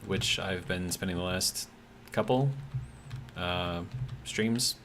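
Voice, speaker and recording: A man's voice: sits low, takes it slowly, fairly bright tone, slight background noise. A man streaming a game live, talking casually and reading chat messages aloud, in an easygoing, hesitant way with lots of ums and self-corrections.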